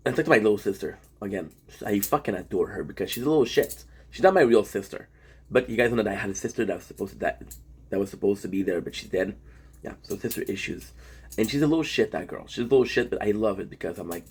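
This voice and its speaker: A man streamer talking in a casual vlog monologue, rambling and profane, telling stories in an animated way. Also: fairly low pitch, fast talker, husky.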